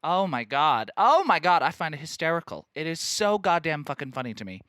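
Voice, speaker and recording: A man chatting on his podcast with a lively, swooping delivery and a campy edge. His voice is bright and crisp, and he breaks into laughs often. The sound is dry and close. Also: a little high, a little fast, no echo. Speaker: podcast host. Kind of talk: casual chat.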